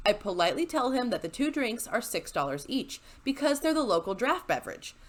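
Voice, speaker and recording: A fairly high, sing-song voice moves briskly with few pauses as a female YouTuber tells a story at her home desk, where the chair squeaks. Her storytelling is chatty and sarcastic, full of asides and laughter between lines.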